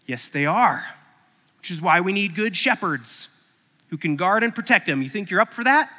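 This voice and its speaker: A man's voice: high-pitched, lively intonation, moderate pace, pushed and bright. A man playing a stern, demanding male shepherd who hires and scolds a boy, in a preaching story. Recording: echoey hall.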